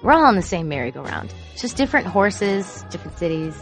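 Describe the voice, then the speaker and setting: A woman who produces court shows tells candid, confessional stories about her job and grows animated when she quotes herself. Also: lowish voice, fairly quick, soft background music. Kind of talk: personal storytelling.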